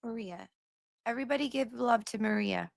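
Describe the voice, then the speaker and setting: A woman hosting a casual livestream, chatting warmly with viewers and reading their comments aloud. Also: on the high side, normal speed, vocal fry, no echo, clean studio sound. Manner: gushing and chatty, sings little filler tunes. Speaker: livestream host.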